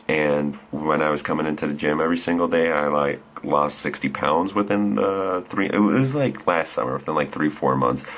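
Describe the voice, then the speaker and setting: A man's voice: sits low, fairly bright tone, a little hiss or hum. A young man in his late teens telling a rambling, profane story in a laid-back way. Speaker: vlogger. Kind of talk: casual storytelling.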